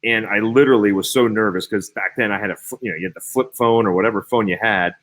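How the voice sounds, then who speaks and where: A man in his thirties from Cincinnati, a former ballplayer, telling stories as a guest in a casual interview, animated and full of fillers and restarts. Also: fairly low pitch, fast talker. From Cincinnati, Ohio. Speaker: guest, former baseball player.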